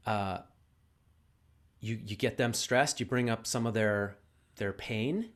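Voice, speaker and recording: Low-voiced man, halting and reflective. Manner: reflective, halting, repeats words as he thinks. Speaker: podcast host. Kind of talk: casual conversation.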